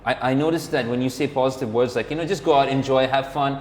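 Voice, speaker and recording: Here a man with a medium-pitched, darkish voice talks fast, telling a meandering story in casual chat. A podcast co-host who rides motorcycles, he keeps dropping "like" and "or whatever" and plays out other people's words. The sound is reverberant, with a slight hum underneath.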